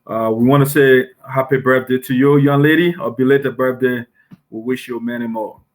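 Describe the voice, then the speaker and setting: A man with a Liberian accent hosting a casual diaspora talk show, speaking haltingly with frequent fillers and restarts. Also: medium pitch, steady tone. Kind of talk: casual online show chat.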